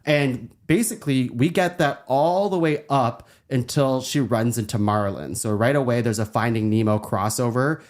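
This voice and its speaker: A man's voice: mid-range voice, normal speed, few pauses. A man co-hosting a podcast, chatting casually as he recaps a film, laughing often and acting out quoted lines. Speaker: podcast co-host.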